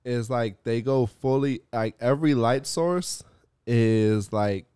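A man hosting a podcast, telling animated stories in casual chat, swearing and laughing often. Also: medium pitch, slow pace, clear, resonant tone, no echo, clean studio sound. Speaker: podcast host.

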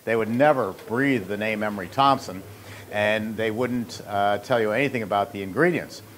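A man's voice: on the low side, normal speed, a bit bright, slight background noise. Rambling man telling business stories. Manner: rambling, anecdotal, with joking asides. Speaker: host and ice machine maker. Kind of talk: casual instructional talk.

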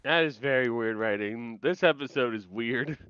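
A man's voice: mid-range voice, moderate pace, a bit bright, smooth. A young man in casual chat, echoing and riffing on his co-host's jokes with a laugh. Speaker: podcast co-host. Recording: muffled lo-fi mic.

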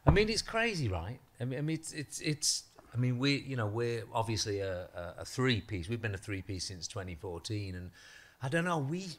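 A man's voice: medium pitch, very animated, a little fast, hardly any pauses, a little hiss or hum. A man hosting a podcast, chatting casually with a guest, often rambling and restarting his sentences. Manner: rambling, with many restarts and fillers. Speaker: podcast host. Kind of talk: casual interview chat.

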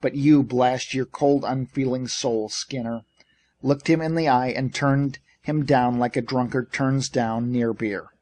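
A man's voice: mid-range voice, steady tone, unhurried, a little mellow, natural voice. A man reading as a feisty old shipping boss. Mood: scolding. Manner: bantering, bossy, blustering. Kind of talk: audiobook character reading.

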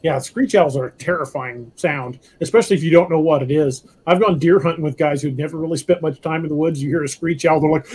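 A man hosts a loose live-stream chat in a somewhat high, husky voice. He tells stories and reads viewer comments aloud. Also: fast, hardly any pauses, darkish tone. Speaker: podcast host.

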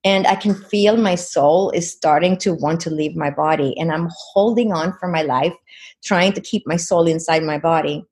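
Woman, low-pitched, interview guest, vivid earnest retelling, frequent "you know". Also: normal speed, darkish tone. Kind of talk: personal storytelling.

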